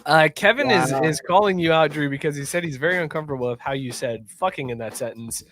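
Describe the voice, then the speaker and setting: A man's voice: a little high, fast talker, slight background noise. A man hosting a casual beer podcast, reading out listener comments and joking along. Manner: lively, reads listener comments. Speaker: podcast host.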